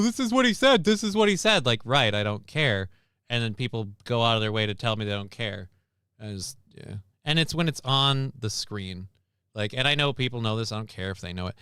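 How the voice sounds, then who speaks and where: A man's voice: fairly low pitch, steady tone, a little fast, sharp tone, clean tone, no echo, clean studio sound. A man hosting a livestream, reacting to news clips in blunt, sarcastic casual commentary, swearing often. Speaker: livestream host.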